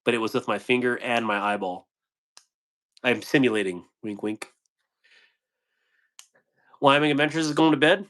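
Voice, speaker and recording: A man's voice: mid-range voice, normal speed, pauses often, a bit bright. A man hosting a live stream, reading and answering chat comments in a playful way, laughing often and tripping over tongue twisters.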